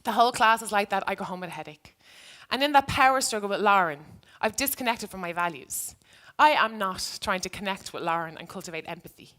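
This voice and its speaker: A woman's voice: mid-range voice, animated, a little fast, few pauses, bright, forceful tone. A woman who used to be a teacher, giving a reflective talk to an audience and telling a story from her classroom. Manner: earnest, reflective. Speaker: speaker, former teacher.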